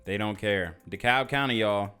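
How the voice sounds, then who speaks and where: A man's voice: lowish voice, normal speed, over loud music. A man hosting a casual reaction commentary, blunt and slangy as he talks over news clips. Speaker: commentary channel host.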